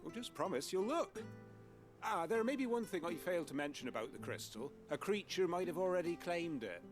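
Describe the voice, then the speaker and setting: A rambling game fisherman, fairly high voice, lively and sing-song. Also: a little fast, over music. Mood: wheedling. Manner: wheedling and rambling. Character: sheepish middle-aged male fisherman villager. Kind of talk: video game dialogue.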